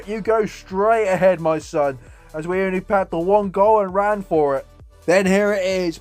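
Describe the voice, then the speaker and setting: A young man giving jokey, excitable commentary over a football video game, swearing and exclaiming. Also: high voice. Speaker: gaming YouTuber. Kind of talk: energetic match commentary over gameplay. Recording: faint music behind.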